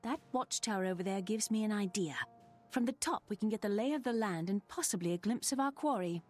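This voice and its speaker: An actress voicing a calm, capable elf heroine in a video game, speaking in a composed, reassuring way. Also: female voice, mid-range voice, a little fast, faint music behind, lightly acted. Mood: keen. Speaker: game player character.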